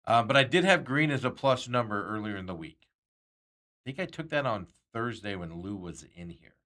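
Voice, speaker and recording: A man's voice: lowish voice, animated, normal speed, pushed and bright. A man hosting a sports talk show, chatting casually and rambling with frequent chuckles.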